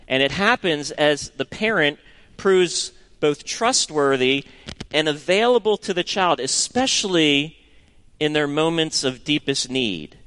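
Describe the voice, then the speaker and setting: A middle-aged man preaching a sermon and reading scripture, earnest and expressive, sometimes dropping to a hushed tone for emphasis. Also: fairly high pitch, measured pace, clean tone.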